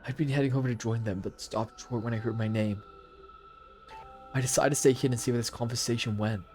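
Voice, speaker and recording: A man's voice: medium pitch, fairly even intonation, fast, a little mellow, faint music behind, natural voice. An actor playing a young male game protagonist who narrates his own thoughts in a matter-of-fact way. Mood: thoughtful.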